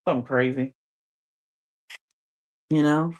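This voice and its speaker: A woman's voice: a bass voice, steady tone, slow pace, a little mellow. Chatty slangy woman livestreaming from bed. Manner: chatty, slangy, laughs often. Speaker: livestreamer reading chat. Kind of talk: casual live-stream chat. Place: her bed under blankets. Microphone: phone.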